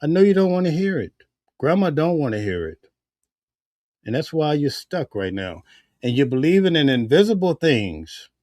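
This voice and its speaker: A man's voice: on the high side, very animated, moderate pace, a little mellow, no room sound, clean studio sound. A man giving casual spoken commentary in a heated, preachy way, full of rhetorical questions. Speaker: vlogger.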